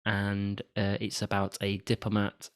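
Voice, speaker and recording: A man's voice: on the low side, completely flat delivery, measured pace, smooth, dry recording. A man co-hosting a casual film review podcast, leading the discussion with dry, wry asides. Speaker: podcast co-host.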